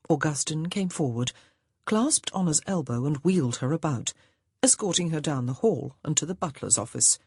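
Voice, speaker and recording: A woman narrates a historical romance audiobook. Her voice sits low and a bit husky, and her pitch moves widely. The recording is close and dry. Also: expressive, normal speed, a little mellow, dry recording. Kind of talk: scripted narration.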